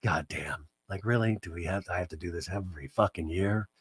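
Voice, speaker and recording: A man's voice: low-pitched, brisk, husky, no echo, voice pushed down. A man putting on the voice of an older husband, fed up, grumbling and swearing under his breath. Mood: weary. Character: weary gruff older husband, fed up, muttering.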